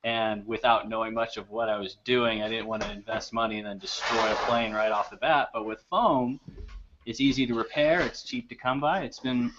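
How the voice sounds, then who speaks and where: A man's voice: fairly low pitch, steady tone, moderate pace. A man guesting on a casual livestream chat, speaking in an earnest, easygoing way. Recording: dull lo-fi webcast audio with faint noise.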